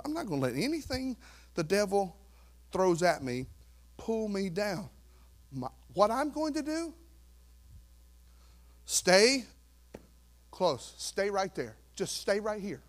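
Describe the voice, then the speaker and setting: A pastor preaching a sermon, swinging from quiet asides to loud exhortation and acting out worried churchgoers. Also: male voice, sits high. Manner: acts out worried churchgoers in quoted voices.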